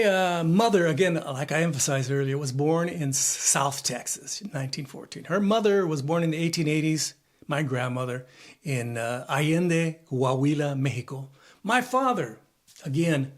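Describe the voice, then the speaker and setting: A man's voice: on the high side, animated, normal speed. A man in his seventies giving a rambling, repetitive opinion monologue, listing things and asking himself questions. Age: 70s. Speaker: vlogger. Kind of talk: casual spoken opinion monologue.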